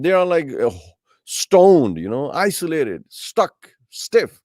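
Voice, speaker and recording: A man teaching a Quran tafseer lesson, animated and speaking directly to his brothers and sisters. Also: a little high, moderate pace, no echo, clean studio sound. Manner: animated, acts out quoted voices; addresses listeners as brothers and sisters. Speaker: Islamic teacher.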